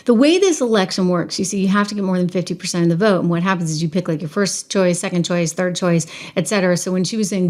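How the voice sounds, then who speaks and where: A woman's voice: lowish voice, fast, hardly any pauses, darkish tone. A middle-aged woman hosting a political commentary show, talking straight to her viewers in an emphatic, conversational way. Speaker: show host.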